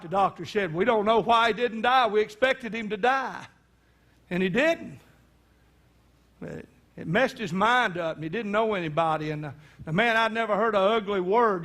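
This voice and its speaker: A man's voice: sits high, moderate pace, fairly bright tone. A man preaching, telling a family story in folksy speech and acting out the voices of the people in it. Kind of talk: sermon storytelling.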